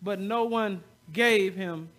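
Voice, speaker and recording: A man's voice: sits high, takes it slowly, a bit bright. A male pastor preaching a sermon, often repeating words and calling on the congregation to respond.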